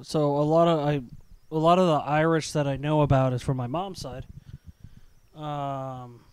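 A man's voice: a little high, little pitch movement, normal speed, clean tone. A man in casual podcast chat, joking crudely and swearing freely. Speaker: podcast co-host.

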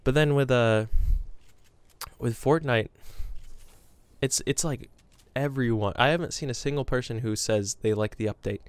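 A young man talks casually to his camera, rambling and poking fun at himself as he tells stories. His voice is smooth and clear, and the sound is dry and close with no room echo. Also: medium pitch, normal speed. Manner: rambling, self-deprecating storytelling. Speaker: gaming vlogger. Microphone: camera with green screen.

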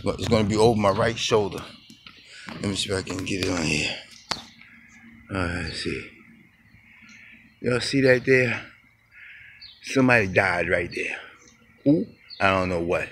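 Man, lowish voice, loose walking monologue, phone mic outdoors, steady street noise. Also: unhurried, pauses often. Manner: loose, conversational, greets passersby. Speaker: vlogger. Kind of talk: rambling walk-and-talk monologue. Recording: noisy outdoor phone recording.

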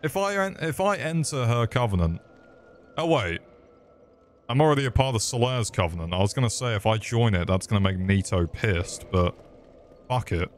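A man's voice: medium pitch, expressive, normal speed, slight background noise. A man giving crude, joking commentary over gameplay, swearing freely and mocking the enemies. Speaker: gaming video creator.

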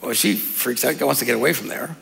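A man's voice: mid-range voice, brisk, gravelly, fairly bright tone. A man preaching a sermon as pastor, in a casual, joking way with frequent laughs. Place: church hall. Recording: long hall reverb.

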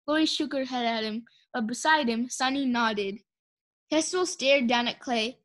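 A woman's voice: high-pitched, normal speed. A woman reading a fantasy book aloud in a casual way, with small slips and restarts. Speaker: audiobook reader.

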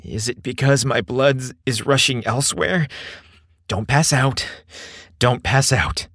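A man's voice: medium pitch, normal speed, a bit bright, no room sound, studio quality, voice pushed up. A man doing a nervous young man. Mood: anxious. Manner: anxious, self-urging.

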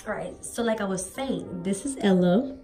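A woman's voice: medium pitch, normal speed, warm tone, faint music behind. A teenage girl talking casually to her phone camera, rambling with lots of fillers. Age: teens. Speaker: vlogger. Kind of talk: casual vlog chat.

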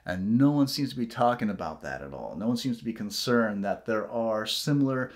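A man's voice: fairly low pitch, expressive, brisk. A man ranting in a solo vlog, heated and profane, going off on tangents and swearing often. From United States. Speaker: vlogger.

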